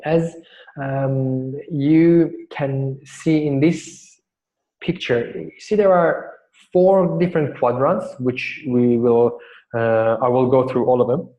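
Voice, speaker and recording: A man's voice: mid-range voice, fairly even intonation, slow, warm tone, rough recording. A man coaching a workshop, telling a story and explaining, with frequent restarts. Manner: rambling, restarts often, tells stories. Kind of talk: workshop teaching.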